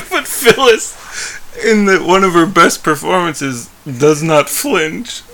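A man talking casually on a rewatch podcast, his voice bright and forward. He laughs often and stumbles through restarts as he hunts for words. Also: on the high side, sing-song, slow pace, a little hiss or hum, low-quality recording. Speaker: podcast co-host. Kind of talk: casual chat, rewatch commentary.

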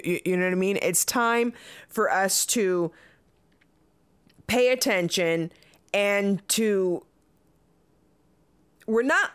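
A woman's voice: mid-range voice, a bit bright. A woman in her late thirties giving casual commentary as a vlogger, blunt and profane, often breaking into laughter between remarks. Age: late 30s.

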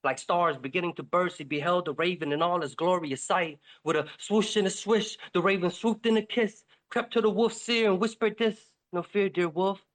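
Brief: high-voiced man narrating a rhyming animal fable, dramatic spoken-word delivery. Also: fairly even intonation, moderate pace, few pauses, a bit bright. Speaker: host reading a poem. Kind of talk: rhymed storytelling narration.

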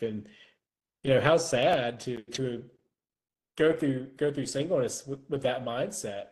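A man's voice: medium pitch, measured pace, a little mellow, low-quality recording. A man who is a guest on a podcast, speaking in an earnest, reflective way and repeating words as he thinks. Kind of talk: casual chat.

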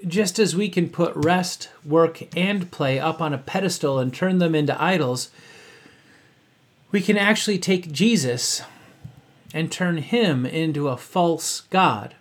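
A man preaches an earnest sermon in a fairly high voice. He reads from his notes and drops in the odd offhand aside. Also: a little slow. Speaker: pastor.

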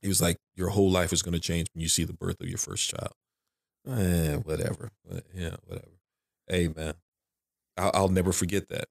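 A man's voice: sits low, fairly even intonation, fairly quick, vocal fry. A man who is a father of three, talking frankly and emphatically in a casual podcast conversation, repeating his phrases as he goes.

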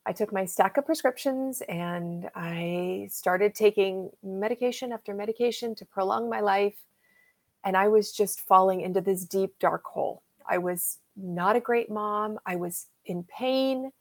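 A woman in her fifties, appearing as an interview guest, tells a personal story with emotion. Her medium-pitched voice is unhurried, and she animatedly acts out what people said to her.

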